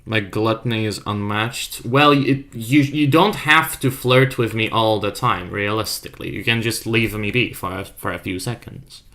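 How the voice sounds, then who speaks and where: A man's voice: fairly low pitch, normal speed, hardly any pauses, bright, forceful tone. A young man and non-native English speaker with a self-made accent, chatting playfully and trolling on an art stream while reading chat aloud. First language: not English. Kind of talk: casual live-stream chat.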